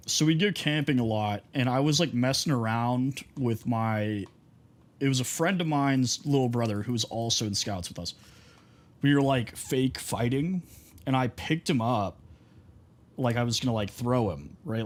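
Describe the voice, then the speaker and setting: A young man from Texas, a streamer chatting casually while gaming, rambling through stories with lots of fillers. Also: medium pitch. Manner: rambling storyteller, heavy on fillers.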